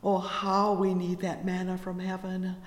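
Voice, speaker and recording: A preacher delivering a sermon with fervent, drawn-out cries of "oh yes" and "oh my". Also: mid-range voice, monotone, reverberant, long reverb tail.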